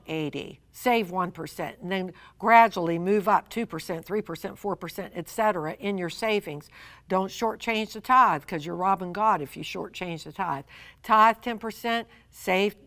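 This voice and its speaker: A woman teaching a sermon on finances, mid-pitched and emphatic, leaning on repeated phrases. She voices quoted people as she goes. Her voice is recorded dry and close. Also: dry recording. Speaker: Christian money teacher. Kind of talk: preaching teaching.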